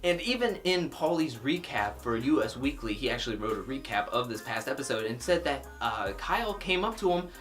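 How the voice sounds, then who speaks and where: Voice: medium pitch, sing-song, fairly quick, hardly any pauses, fairly bright tone, faint music behind. A vlogger giving a casual, opinionated recap of a reality show episode, talking freely with lots of "like" fillers.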